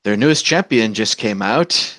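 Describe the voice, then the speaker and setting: Swearing casually and animated, a podcast host spins anecdotes in a relaxed chat, his voice leaping upward whenever he lands a punchline. The pace is moderate and the sound has no echo.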